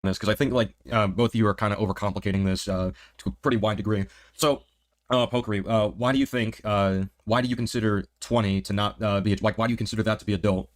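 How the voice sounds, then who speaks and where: A man moderating an online debate, asking questions calmly with many fillers. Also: fairly low pitch, quick pace, dry recording, studio quality.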